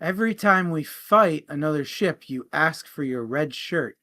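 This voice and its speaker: An alert first mate calls out his reports to the captain, as a man acts him out in a joke. His voice is bright and forceful and pitched a little high. He speaks in a raised, reporting tone. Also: lively intonation, a little slow. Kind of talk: telling a joke.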